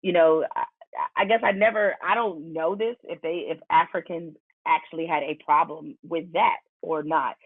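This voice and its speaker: A woman's voice: low voice, fairly even intonation, moderate pace, husky, no echo. Woman, podcast host, laughs a lot, long winding questions, tinny phone-like audio, dry. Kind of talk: casual interview questions.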